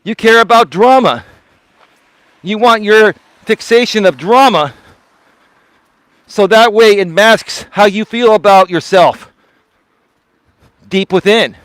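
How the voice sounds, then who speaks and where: A man's voice: high-pitched, takes it slowly, long pauses, a bit bright, dry recording. A man, a life coach, talking on a live walking stream in an indignant, lecturing way, often repeating himself. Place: outdoors walking.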